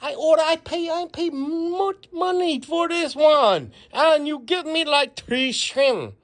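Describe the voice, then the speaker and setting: A man's voice: extremely high pitch, lively intonation, slow, a bit bright, pitched above the performer's own voice, heavily acted. A man playing a fussy restaurant customer phoning in an order, with a put-on Chinese accent and broken, haggling grammar. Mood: complaining. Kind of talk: comic phone order role-play.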